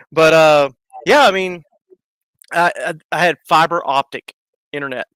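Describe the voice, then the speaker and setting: On a live stream, a man with a slowish, somewhat high and slightly bright voice casually tells rambling stories, laughing and doing the voices of the people in them. His delivery is smooth and the recording is dry.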